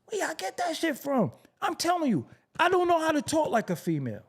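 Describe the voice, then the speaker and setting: A man's voice: very high-pitched, huge pitch swings, fairly quick. A man from Brooklyn with a New York accent, ranting as a show host on a live stream, profane and mocking, firing off rhetorical questions. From Brooklyn, New York City. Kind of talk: unscripted rant to a live stream audience.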